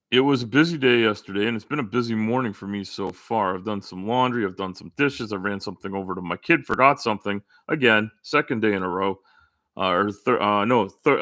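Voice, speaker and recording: A man's voice: fairly low pitch, pushed and bright, no room sound. A middle-aged man hosting a casual livestream chat, rambling with frequent restarts, fillers and profanity. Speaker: streamer host.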